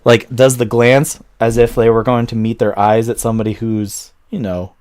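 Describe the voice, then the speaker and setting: A man narrating a tabletop game as game master, loose and animated, swearing freely. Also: medium pitch. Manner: animated, voices tavern folk, swears freely.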